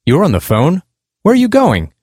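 A man reading the lines of an indignant male stranger who shouts after a woman. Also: a little high, very animated, moderate pace, dry recording, clean studio sound, pitched above the performer's own voice.

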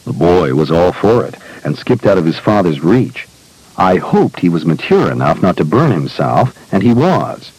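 A man reading a personal essay aloud in a measured, deliberate storytelling manner. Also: low-pitched, big pitch swings, darkish tone, husky, no room sound, low-quality recording. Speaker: speaker recounting personal experiences.

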